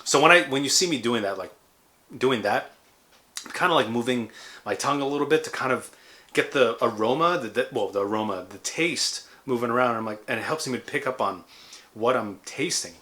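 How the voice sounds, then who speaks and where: A man in his thirties talks through a casual beer review in a bright, forceful voice. He keeps it loose and chatty, tossing in playful jokes as he goes. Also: mid-range voice, lively intonation, a little fast. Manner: playful, jokey, chatty asides. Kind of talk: casual food and drink review vlog.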